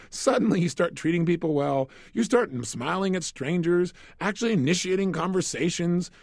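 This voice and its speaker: A man leading a self-help audio program, talking in an energetic, emphatic way and asking the listener rhetorical questions. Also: high voice, normal speed, no echo, clean studio sound. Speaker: motivational speaker.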